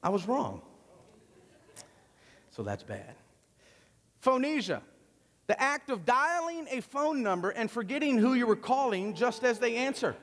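High-voiced joking pastor in echoing church. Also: male voice, very animated, measured pace, long pauses, a bit bright. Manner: conversational and joking. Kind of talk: sermon. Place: church sanctuary.

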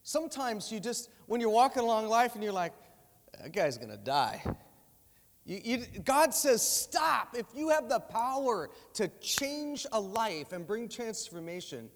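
A man preaching a sermon in a church, telling stories and acting out the dialogue in different voices. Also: high voice. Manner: animated, acts out dialogue in voices. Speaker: guest preacher. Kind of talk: sermon with storytelling. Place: church sanctuary. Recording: long hall reverb in a church.

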